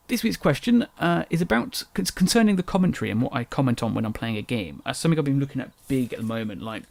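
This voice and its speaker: A medium-pitched male voice with vocal fry belongs to a young podcast host from England. He talks alone in a rambling, chatty way, often correcting himself, his casual English accent dropping its T's.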